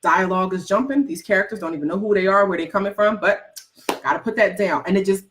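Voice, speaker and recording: A woman coaching aspiring authors in a motivational talk, animated and teasing, firing loud rhetorical questions at her viewers. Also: medium pitch, fast talker, slight background noise. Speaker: writing and goals coach.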